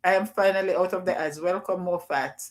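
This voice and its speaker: A middle-aged woman with a Jamaican accent, hosting a casual livestream and shouting out names from the chat. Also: fairly low pitch, steady tone, brisk. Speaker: livestream host. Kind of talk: casual live chat with viewers.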